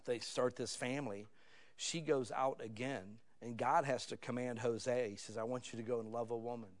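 A man in his fifties preaching a sermon, talking with his listeners in a storytelling way that swings from hushed asides to loud, excited moments. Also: mid-range voice, normal speed. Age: 50s. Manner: conversational, addresses listeners as "guys". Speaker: pastor.

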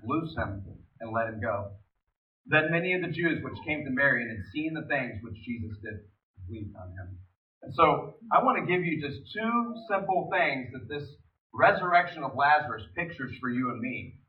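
A man preaching a sermon in an animated way, reading scripture aloud between his own remarks. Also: on the high side, moderate pace. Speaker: pastor. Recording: distant, echoey, phone-like sound.

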